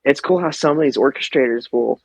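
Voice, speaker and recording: A man from the American Midwest, a guest on a podcast, telling animated airsoft stories in casual chat, swearing freely and laughing often. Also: mid-range voice, brisk, gravelly, dry recording, poor audio.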